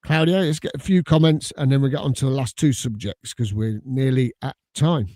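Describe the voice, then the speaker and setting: A man's voice: medium pitch, a little fast, warm tone, dry recording. A man hosting a football fan podcast, casually reading out sponsor plugs with fillers. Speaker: podcast host.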